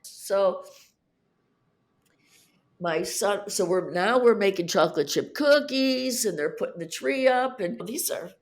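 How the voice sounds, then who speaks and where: Woman, fifties, podcast guest recounting her divorce, lively and emotional, pitch jumps up when upset. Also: slow. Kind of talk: emotional personal storytelling.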